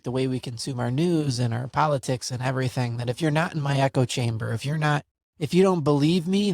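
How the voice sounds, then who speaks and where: A man's voice: mid-range voice, creaky, a little mellow, no echo, clean studio sound. A man hosting a podcast, thinking aloud in a thoughtful, reflective way with many "like"s. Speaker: podcast host. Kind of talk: casual podcast conversation.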